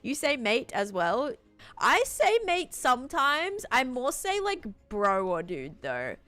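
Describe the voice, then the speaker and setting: A woman's voice: sits high, wildly swooping pitch, slow pace, fairly bright tone, no echo, soft background music. A young Australian woman chatting casually on a game stream, reading out chat and thanking supporters.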